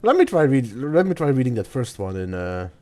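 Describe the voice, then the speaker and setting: Male game streamer, thinking aloud, reading notes, animated intonation. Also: medium pitch, brisk, a little hiss or hum.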